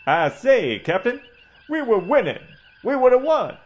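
A man's voice: extremely high pitch, big pitch swings, a little slow, dull audio, voice pushed up, exaggerated voice. A man voicing a pompous old male ship's doctor, talking in florid, preachy oratory in a comedy audio parody.

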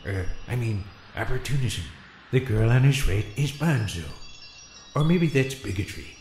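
Brief: man impersonating a sleepy old president ghost, rambling and forgetful, mid-pitched, roomy echo. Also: animated, darkish tone, soft background music, close to an everyday voice. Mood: drowsy. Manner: rambling, forgetful, halting with many fillers. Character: doddering sleepy former president playing a ghost. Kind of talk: radio comedy sketch.

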